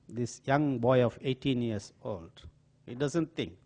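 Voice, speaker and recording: Slow, animated Indian man telling stories. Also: mid-range voice. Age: older. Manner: animated, dramatic storytelling. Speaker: lecturer. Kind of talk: storytelling lecture. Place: auditorium.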